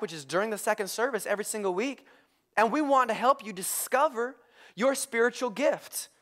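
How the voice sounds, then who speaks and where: A male pastor preaching a sermon, excitable and prone to shouting with enthusiasm. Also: very high voice. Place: church.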